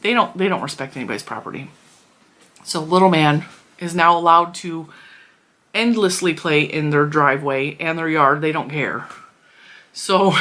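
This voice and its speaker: Woman, 30s, crochet vlogger; slightly low pitch, chatty and rambling. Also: a bit bright. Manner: chatty, rambling, with frequent fillers and restarts. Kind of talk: casual chat.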